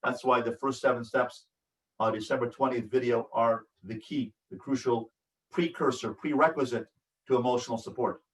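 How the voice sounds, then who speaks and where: In an online lecture over video call, a male rabbi reads from a parenting-class workbook, earnest and instructive, performing sample phrases with feeling. He speaks in a mid-range voice with fairly even intonation at a moderate pace, and the poor audio is roomy with a distant mic.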